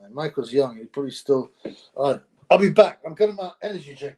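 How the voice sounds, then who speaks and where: A man's voice: medium pitch, fairly quick, darkish tone. A young man hosting a casual solo livestream, rambling in street slang and laughing often. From United Kingdom. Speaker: livestream host.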